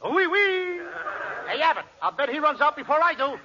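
A middle-aged man doing excitable, wisecracking banter as a comedian in a 1940s radio comedy show. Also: very high-pitched. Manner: excitable, wisecracking, quick comebacks. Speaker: comedian co-host. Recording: muffled 1940s radio broadcast with hiss.

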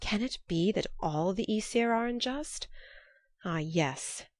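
A woman's voice: medium pitch, animated, takes it slowly, no room sound, studio quality. A woman reading as a raging greedy dwarf. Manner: shouting, bitter.

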